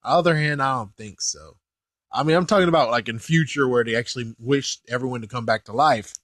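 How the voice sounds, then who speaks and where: A man's voice: medium pitch, fast, fairly bright tone, no echo. A young man giving a casual, rambling episode commentary, laughing as he talks. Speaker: host.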